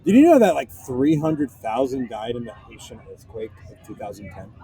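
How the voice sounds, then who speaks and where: A man's voice: mid-range voice, very animated, moderate pace, dark tone. A young man co-hosting a casual chat outdoors, telling stories with lots of laughs and filler words. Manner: laid-back storytelling with frequent laughs and "like" fillers. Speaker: podcast co-host. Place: outdoor park basketball courts.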